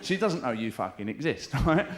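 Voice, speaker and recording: Swearing stand-up comic, lively pitch. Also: male voice, normal speed, some chatter behind, slight background noise. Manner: swearing, chatty, mimics voices for jokes. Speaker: stand-up comedian. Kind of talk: live stand-up comedy. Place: comedy club stage. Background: audience laughter.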